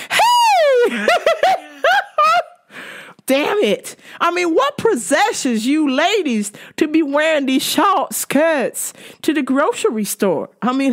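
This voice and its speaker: A woman telling a comedic story on her vlog, cursing, laughing often and acting out the people in it. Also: on the high side. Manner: profane, laughs often, acts out scenes. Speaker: vlogger.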